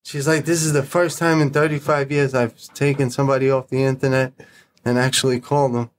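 A man, a podcast guest telling a story in a blunt, profane, animated way. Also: medium pitch, brisk, slight background noise. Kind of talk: casual storytelling.

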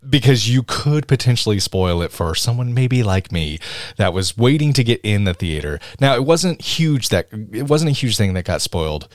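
A man's voice: mid-range voice, sing-song, normal speed, no room sound, studio quality. A man co-hosting a podcast, talking in an emphatic, ranting casual chat. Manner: emphatic, ranting, jumps between loud and soft. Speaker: podcast co-host.

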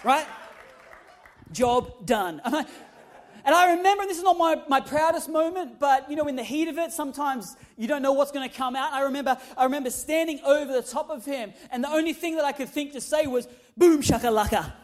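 Man, young pastor, very high voice, animated storytelling sermon, humorous, loud emphatic bursts. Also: a little fast. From Australia.

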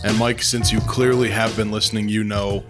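A man hosting a podcast in casual chat, relaxed and talkative. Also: on the low side, moderate pace, loud music behind the voice. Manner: relaxed, chatty with fillers. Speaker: podcast host.

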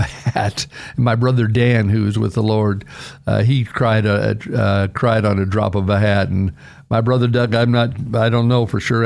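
Gravelly older man preaching on radio. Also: darkish tone. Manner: earnest, emphatic, pitch rising on key phrases. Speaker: radio pastor. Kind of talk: radio devotional sermon.

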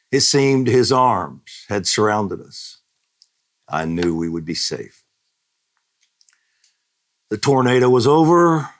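Slow, low-voiced pastor reading dramatically. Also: male voice. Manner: dramatic reading that climbs high and loud on quoted cries. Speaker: pastor leading a daily prayer broadcast. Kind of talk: reading a testimony aloud as a devotional.

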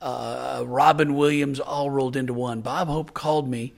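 A man's voice: mid-range voice, normal speed, gravelly. An older American man hosting a podcast, telling a story in a casual chat and acting out the people he quotes. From United States. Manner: animated storyteller who acts out quoted voices. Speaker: podcast host.

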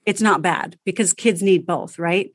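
A woman's voice: lowish voice, unhurried, no room sound, studio quality. Direct, practical woman coaching a parent. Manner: direct, practical, lively delivery. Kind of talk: coaching conversation.

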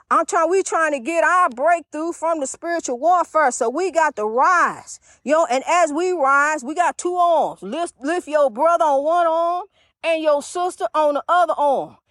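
A woman with a high voice runs her own faith-talk podcast in a loose, chatty style, preaching to her listeners and calling them honey. The recording is dry and close, with almost no room sound. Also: normal speed, fairly bright tone, no room sound. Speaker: podcast host.

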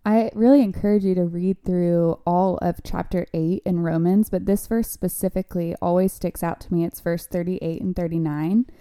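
A woman co-hosting a faith podcast, reading a devotional and scripture aloud in a steady, earnest way. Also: on the low side, normal speed, hardly any pauses, clear, resonant tone. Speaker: podcast co-host.

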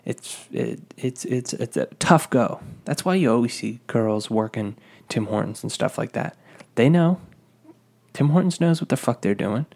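A young man rambles through an exasperated, swear-filled story in a casual monologue. His mid-pitched voice has a gravelly rasp and drops into vocal fry at the ends of phrases. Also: animated, moderate pace, few pauses, a little mellow. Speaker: former fast-food worker telling a story.

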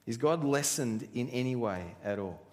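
Pastor preaching in an echoing hall. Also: male voice, medium pitch, animated, moderate pace, darkish tone. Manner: earnest preaching, full of rhetorical questions. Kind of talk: sermon. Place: church hall. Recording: reverberant church hall.

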